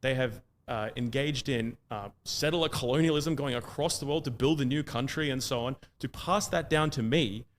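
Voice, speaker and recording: An Australian man giving an impassioned monologue, emphatic and often pausing on "uh" as he builds in intensity. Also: medium pitch, slight background noise. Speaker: speaker.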